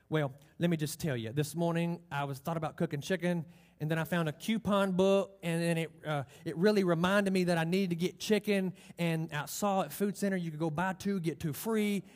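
A man's voice: on the high side, fairly even intonation, normal speed, darkish tone, natural voice. A man playing a chattering wife who rambles through a long story about her day. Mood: rambling. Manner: rambling, breathless, run-on storytelling.

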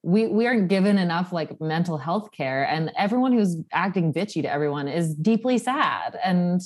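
A young woman with a somewhat low voice co-hosting a casual chat. She is gentle and sympathetic and agrees readily. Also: lively intonation, normal speed. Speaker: podcast co-host.

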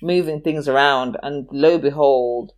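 Here a deep-voiced woman, speaking a little slowly, shares a story from her childhood in a relaxed, chatty way. She mimics the voices of the characters and laughs often, keeping things animated and expressive.

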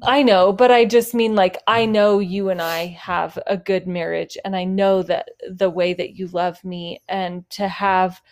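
A woman's voice: on the low side, level tone, unhurried, few pauses. A woman co-hosting a casual podcast chat with her husband, speaking earnestly and openly, with lots of "like". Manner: earnest, heartfelt, with filler "like". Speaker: podcast co-host, wife.

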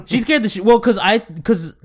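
A man's voice: high-pitched, animated, a little fast. A young man telling a casual story in a rambling way, restarting sentences and swearing now and then. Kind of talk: casual chat.

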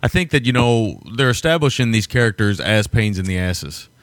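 A man's voice: on the low side, lively intonation, moderate pace, no echo. A man from the United States co-hosting a film podcast, rambling casually, laughing often and swearing now and then. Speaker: podcast co-host. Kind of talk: casual film review chat.

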